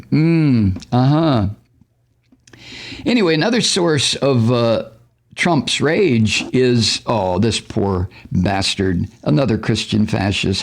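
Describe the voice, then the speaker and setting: Talk radio host, male, mocking and foul-mouthed, creaky voice, very animated pitch. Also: takes it slowly. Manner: sarcastic, mocking, profane; frequent laughs and exclamations. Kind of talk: political talk radio commentary.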